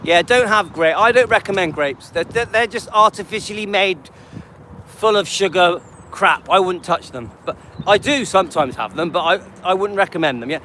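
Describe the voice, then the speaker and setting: A man's voice: high voice, moderate pace, pushed and bright, slight background noise. A man hosting a live stream, casually answering viewers by name and often checking in with "yeah?" and "okay?". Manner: frequent restarts and repetition. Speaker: livestream host.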